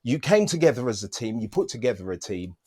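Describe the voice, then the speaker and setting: A man's voice: medium pitch, big pitch swings, quick pace, darkish tone, breathy edge. A man hosting an interview over a video call, joking, rambling and laughing often. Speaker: interview host. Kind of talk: casual interview.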